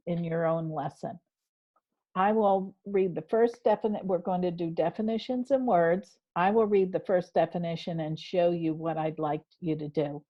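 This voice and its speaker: Slow, patient woman teaching over a video call. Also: lowish voice, muffled recording. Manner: patient, encouraging, narrates her screen actions. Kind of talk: online class lesson.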